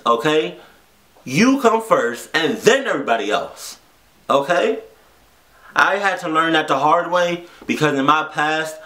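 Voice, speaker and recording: A man speaks slowly and earnestly in a reaction vlog, his voice in an ordinary middle range. He keeps circling back and repeating himself as the feeling builds, and lets curse words slip when he gets emotional. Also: mid-range voice, bright, forceful tone. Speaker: vlogger. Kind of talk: heartfelt reaction vlog talk.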